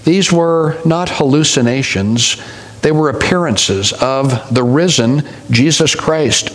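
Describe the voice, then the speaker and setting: Man preaching, somewhat high voice. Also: slow, rough recording. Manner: storytelling, with wry humorous asides. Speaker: pastor. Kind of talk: sermon.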